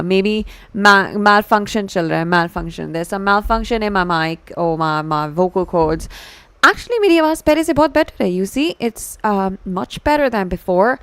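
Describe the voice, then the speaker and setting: A woman's voice: mid-range voice, lively intonation, fast talker, a bit bright, smooth, no echo. A woman VTuber chatting with her live-stream viewers, giggling, answering chat messages playfully and switching between English and Hindi.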